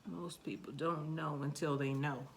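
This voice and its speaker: A woman with a New York accent talks her way through planting seeds in a casual, playful gardening vlog, chatting to herself and even to the seeds. Her voice sits on the low side. A faint background noise runs under the recording. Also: unhurried. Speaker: gardening vlogger. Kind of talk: casual gardening vlog, talking while working.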